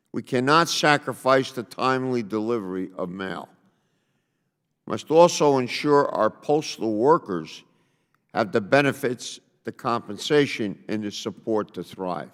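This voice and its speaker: Slow, deliberate congressman. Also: medium pitch. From New Jersey. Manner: measured, deliberate delivery. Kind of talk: prepared hearing statement. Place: congressional hearing room. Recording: long reverb of a hearing room.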